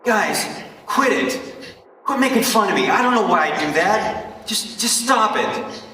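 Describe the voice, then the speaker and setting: A man playing a loud, high, teased schoolboy. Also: expressive, unhurried, slight background noise, heavily acted. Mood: defiant. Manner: shouting at classmates, then apologizing. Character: teased schoolboy, hurt and defiant. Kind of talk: stage play acting. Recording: echoey hall from far off.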